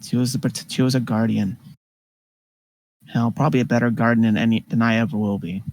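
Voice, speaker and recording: A man playing his character in a tabletop game, speaking earnestly and haltingly. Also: medium pitch, fairly even intonation, gravelly, a little mellow, no room sound, poor audio. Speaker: player.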